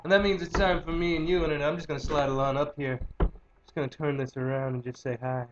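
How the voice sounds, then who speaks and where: A slightly tipsy man chatting on a comedy livestream, rambling and joking between thank-yous. His voice sits a little high for a man. The sound is dull and lo-fi, like a cheap webcam mic. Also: fairly even intonation, quick pace, slight background noise. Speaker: comedy web show host. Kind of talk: casual comedic livestream chat.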